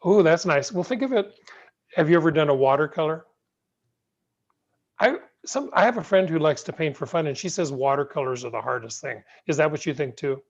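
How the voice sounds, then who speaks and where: Sanfter Klavierlehrer, gedämpfter Videoanruf. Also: male voice, on the high side, lively intonation, fairly quick. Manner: gentle, patient, encouraging. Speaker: piano teacher. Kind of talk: online piano masterclass. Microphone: video call. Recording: muffled video call audio.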